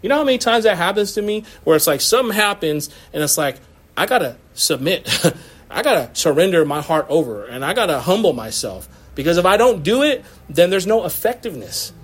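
A man's voice: high-pitched, big pitch swings, a little fast. A man in his thirties preaching to his church in a conversational way, with laughs and asides. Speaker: pastor. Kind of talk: sermon. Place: church sanctuary.

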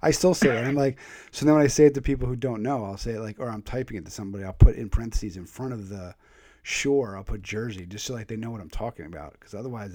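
A man's voice: fairly low pitch, fast talker, dark tone, no room sound, clean studio sound. A man from Philadelphia with a faded Philadelphia accent, hosting a podcast in loose chat that trails off. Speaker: podcast host. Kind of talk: casual conversation.

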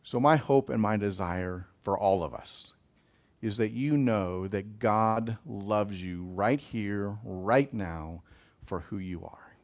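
A man giving a gentle, emotional pastoral talk on blessing, speaking to listeners as a chaplain. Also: fairly low pitch, slow pace. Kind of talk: reflective spiritual talk.

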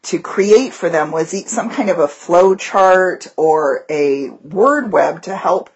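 Husky-voiced teacher woman chatting. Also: on the low side, slow, dull audio. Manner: animated storyteller, breaks into voices. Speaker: podcast co-host, teacher. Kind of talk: casual chat.

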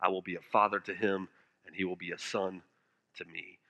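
A man preaching a sermon with passion, now and then dropping his voice to a hush for emphasis. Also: flat delivery, a little fast, vocal fry. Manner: impassioned preaching, dropping to hushed low phrases for emphasis. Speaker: pastor.

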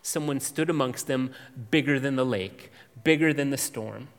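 A man preaching an expository sermon as pastor, measured and emphatic, with dramatic pauses and long lists. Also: medium pitch, in a large hall.

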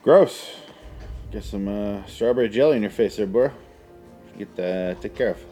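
A man's voice: fairly low pitch, moderate pace, mellow, faint music behind. A man giving casual, profane and sarcastic commentary on a movie while watching it.

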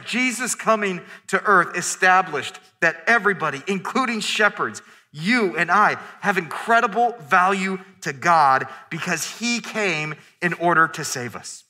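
A man preaching a sermon as pastor, earnest and restarting phrases, slowing down to stress scripture. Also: high voice, pushed and bright, long reverb tail. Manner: earnest, repeats words when starting phrases.

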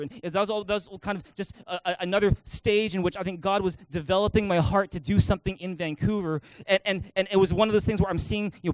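A male pastor preaching in a church, telling a personal story in an animated way with many restarts. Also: high-pitched, no room sound. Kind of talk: sermon storytelling.

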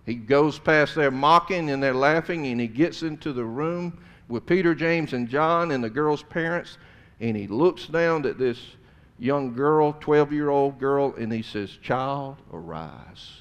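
A man preaching a sermon, swinging between loud emphasis and hushed tones. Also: a little high, measured pace, clear, resonant tone, dull audio.

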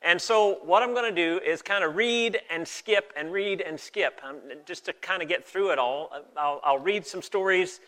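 A man preaching to his congregation in an easy, conversational way, with folksy asides. His voice sits a little high and sounds bright and forward. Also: normal speed, few pauses. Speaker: pastor. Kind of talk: sermon with scripture reading.

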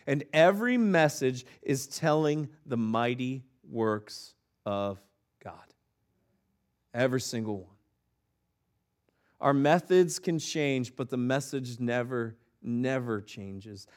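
Male pastor, sermon, high voice, very lively pitch, dramatic quiet drops. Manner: animated, dramatic drops to low quiet emphasis; joking asides.

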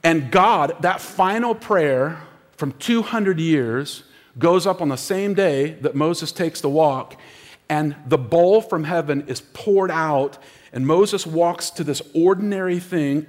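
A man preaching a sermon as pastor, emphatic and repeating phrases for effect, in a church auditorium. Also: a little high. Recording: long hall reverb.

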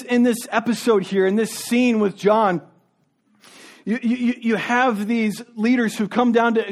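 Male pastor, high voice, sermon delivery, reads a passage then unpacks it casually. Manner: reads scripture then explains it conversationally, with repeated restarts; acts out questioners' voices in the retelling.

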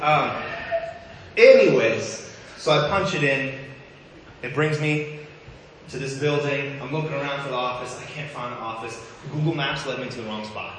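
A man's voice: on the high side, moderate pace, background noise. A male pastor giving a sermon, telling a personal story in a candid, conversational way with wry asides. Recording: echoey hall with long reverb.

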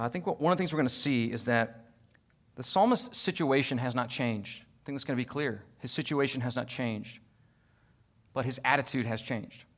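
A man preaching a sermon as pastor, with emphatic repeated phrases that build to loud peaks and then fall soft, mixed with homely family stories. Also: medium pitch.

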